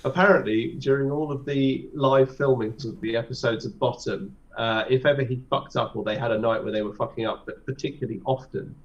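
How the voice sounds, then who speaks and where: A man's voice: mid-range voice, steady tone, fairly quick, hardly any pauses. A man hosting a casual podcast chat, swearing freely as he wraps up the show. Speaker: podcast host. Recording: distant, dull mic sound.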